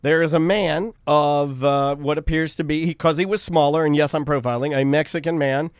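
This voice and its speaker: A man co-hosting a podcast, telling crude stories in loud joking casual chat. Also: a little high, fairly even intonation, moderate pace, smooth, no room sound, clean studio sound. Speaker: podcast co-host.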